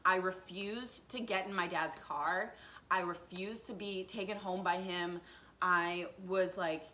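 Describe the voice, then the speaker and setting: Bright-voiced young woman telling a storytime. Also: fairly low pitch, normal speed. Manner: animated, acts out quotes with swings in loudness. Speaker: vlogger. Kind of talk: storytime vlog.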